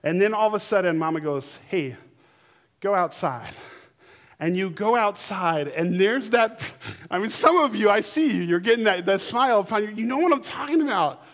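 Animated high-voiced male preacher. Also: a little fast. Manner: animated, conversational preaching with bursts of shouting. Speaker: pastor. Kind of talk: sermon. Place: church sanctuary.

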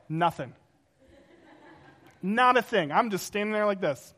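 Animated storytelling male pastor. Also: high-pitched, measured pace. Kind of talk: sermon.

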